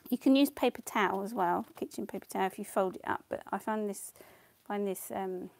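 A woman's voice: medium pitch, fairly quick, vocal fry, darkish tone, no room sound. Chatty woman painting live. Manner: chatty and self-deprecating, thinks aloud, often trails off; answers viewer comments as she works. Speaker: watercolour artist and channel host. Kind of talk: casual live painting demo, chatting with viewers.

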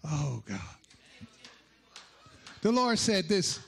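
A male pastor delivering a sermon, playful and animated, acting out quotes as he teaches. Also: high voice, drawn-out words, vocal fry.

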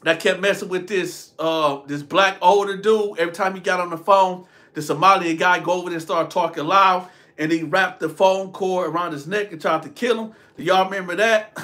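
A man telling a story on his own channel in a casual, animated way, talking straight to his viewers. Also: high-pitched, moderate pace. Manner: animated, addresses viewers directly. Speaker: storytelling vlogger.

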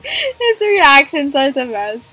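A woman giving playful, excitable commentary while playing a game, gasping and joking as she goes. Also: high-pitched, takes it slowly, soft background music. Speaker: gamer.

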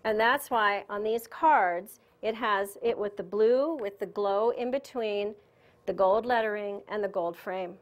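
A woman giving a spiritual lecture at a conference, telling a personal story in a chatty, animated way and laughing often. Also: mid-range voice, unhurried. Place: conference room.

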